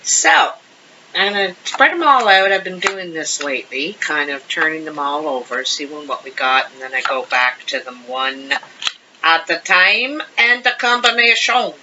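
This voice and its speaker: A woman's voice: deep voice, lively intonation, a little slow, background noise. A woman giving a casual, chatty tarot reading to camera, rambling a little and laughing easily, on a dull lo-fi home recording. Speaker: tarot card reader.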